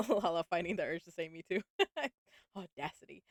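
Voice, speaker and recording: A woman's voice: lowish voice, animated, moderate pace. A woman reading a novel aloud on a live stream from home, chatting with her audience, laughing often and swearing casually. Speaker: book reader and live streamer. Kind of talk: live-streamed book reading with chat banter.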